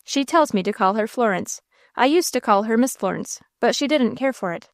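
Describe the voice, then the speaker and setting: An honest teenage street boy in an audiobook, voiced by a woman narrator. He answers plainly and earnestly, holding his ground. The voice is fairly high and dry. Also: expressive, normal speed, no room sound.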